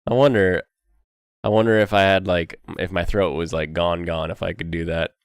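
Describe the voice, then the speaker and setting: Sick young guy rambling about anime, low smooth voice, lots of uhs. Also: fairly even intonation, moderate pace, no echo, studio quality. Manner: rambling, many fillers, laughs often. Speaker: host. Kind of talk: casual anime chat.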